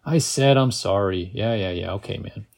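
A man's voice: medium pitch, lively intonation, a little fast, warm tone. Man voicing a drawling, boozy young guy, mocking, storybook read-aloud.

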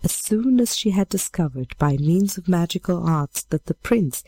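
A woman reads an old fairy tale aloud at a measured, steady pace. Her voice is low and mellow, and the close recording is dry with no room sound. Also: dry recording. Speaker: storyteller.

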